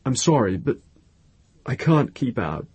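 A worn-out, shabby man, as a male narrator puts him on, mumbles in halting bursts. The voice is husky and breathy, pitched a bit above the narrator's own. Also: sing-song, a little mellow, no echo, dull audio, full character voice. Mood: weary.

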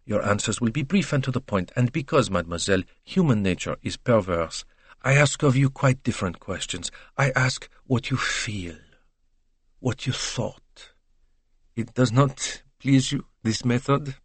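A man voicing a shrewd, probing older male detective who questions slowly and deliberately. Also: medium pitch, expressive, breathy edge, dry recording. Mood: explaining.

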